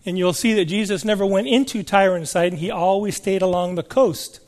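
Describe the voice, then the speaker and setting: Preacher, male, high voice, chatty sermon delivery with questions put to the congregation. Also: fairly quick, a little mellow. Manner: conversational, asks the congregation questions. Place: church service before a congregation.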